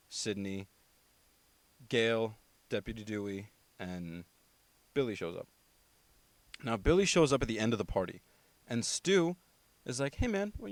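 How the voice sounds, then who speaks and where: A man hosting a podcast, rambling casually through a movie review with many fillers and self-corrections. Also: dry recording. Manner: mimics characters with animated pitch jumps. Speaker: podcast host.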